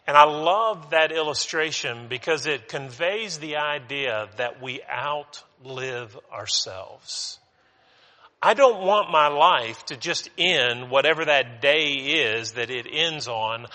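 A man preaches a sermon in a slightly high voice, speaking slowly with a pushed, bright quality. He tells a parable earnestly, restarting and repeating words as he goes, and the recording carries a long hall reverb.

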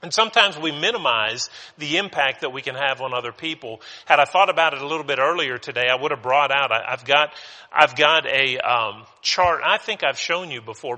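A man's voice: medium pitch, pushed and bright. A man preaching a sermon, telling a parable in an earnest way with restarts and repeated words. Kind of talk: sermon with a told story. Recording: long hall reverb.

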